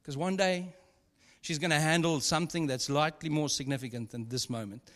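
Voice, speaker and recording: A man's voice: a little high, fairly even intonation, fairly quick, fairly bright tone. A man preaching a sermon as pastor, in a chatty, humorous storytelling way with frequent asides. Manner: conversational, humorous storytelling with laughs. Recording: long hall reverb.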